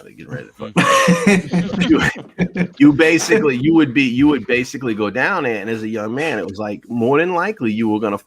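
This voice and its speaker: Deep-voiced New man spinning yarns. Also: husky. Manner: profane, rambling, says bro a lot. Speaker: guest. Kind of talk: casual storytelling chat.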